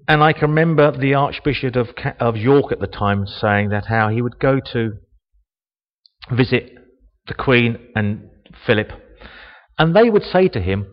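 Man preaching in an echoey hall. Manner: slow, reflective, rises in pitch and volume on quoted speech. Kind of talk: sermon, Bible reading with commentary. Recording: dull, long reverb of a church hall.

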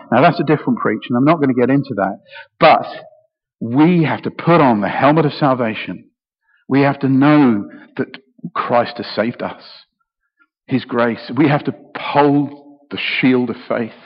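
A middle-aged British man with a medium-pitched, husky voice preaches a sermon with emotion and passion, frequently repeating words along the way. The recording was made in an echoey hall and sounds dull.

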